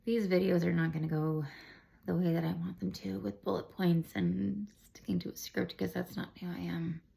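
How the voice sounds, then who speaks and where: A woman in her twenties speaks straight to camera, her voice low, mellow and thick with gravelly fry. She tells her story in an emotional, rambling way, circling back on herself with restarts and fillers. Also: little pitch movement, moderate pace. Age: 20s. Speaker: vlogger sharing her cancer diagnosis. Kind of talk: candid personal storytelling to camera.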